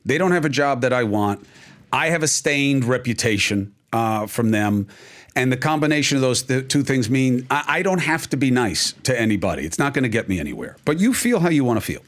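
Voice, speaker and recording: A middle-aged man speaks as a guest in a candid conversation. His pitch moves a lot as he talks, rushing through some phrases and slowing hard on the points he wants to land. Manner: animated, emphatic, fast bursts then slow deliberate stresses.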